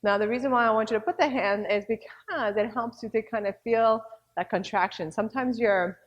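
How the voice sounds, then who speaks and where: A woman instructor talking students through a beginner dance class, cueing moves and counting beats aloud. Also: mid-range voice.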